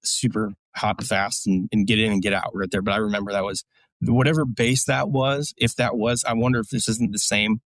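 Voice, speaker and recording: A man's voice: fairly low pitch, steady tone, fairly quick, fairly bright tone, dry recording. A man, a military veteran, casually telling blunt, profane war stories as a podcast guest, with many fillers. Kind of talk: casual storytelling.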